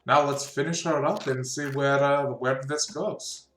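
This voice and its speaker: A man's voice: medium pitch, steady tone, a little slow, a bit bright, slight background noise, lightly acted. A man voicing a teasing male Jedi master with a cyborg brain, in a shaky put-on Scottish accent, at a tabletop game. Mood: wry. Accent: attempted Scottish. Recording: echoey room.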